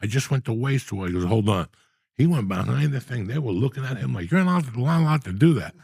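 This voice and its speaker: A man in his sixties telling a story in casual, profane, animated style, with loud outbursts. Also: medium pitch, a little fast, gravelly, breathy edge, no echo, clean studio sound. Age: 60s. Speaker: podcast host.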